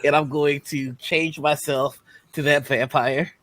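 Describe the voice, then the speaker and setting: A man's voice: a little high, level tone, measured pace, a bit bright. A man playing a tabletop game who talks in a genteel, drawling, slightly prim way. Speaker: player. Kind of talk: in-character tabletop play.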